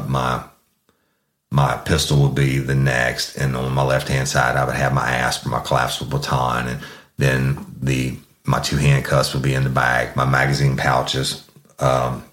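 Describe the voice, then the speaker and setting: A man's voice: extremely low pitch, a bit bright. A man telling a true crime story in the first person, blunt and profane, acting out the dialogue.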